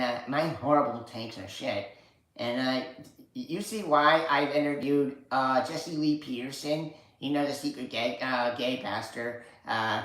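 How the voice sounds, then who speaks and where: A man's voice: mid-range voice, fairly bright tone, close to an everyday voice. A man doing a crude mocking impression of a pundit. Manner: rambling, halting, crude and mocking. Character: mocking impression of a male political commentator, sneering, self-deprecating. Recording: very echoey room.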